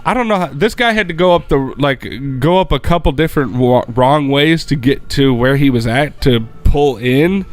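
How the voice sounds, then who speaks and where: A man co-hosting a podcast, telling a story in casual chat, animated and profane, acting out what people said. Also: fairly high pitch, normal speed, few pauses. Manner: animated, profane, acts out quoted dialogue. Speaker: podcast co-host.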